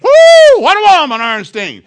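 Man putting on a whooping lovestruck male eagle, squawky and very high, storytelling bit. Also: huge pitch swings, moderate pace, heavily acted. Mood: smitten whooping. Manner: whooping, hollering. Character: lusty squawking male bald eagle, smitten.

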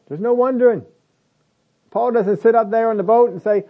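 A man's voice: sits high, moderate pace, dull audio. A man preaching a sermon in a conversational way, building to emphatic lists.

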